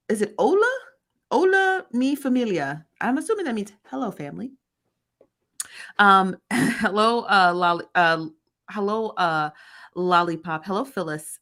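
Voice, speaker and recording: On a casual livestream recorded with a phone, a woman with a lowish, bright, forceful voice chats away. She greets viewers by name and reads their comments aloud.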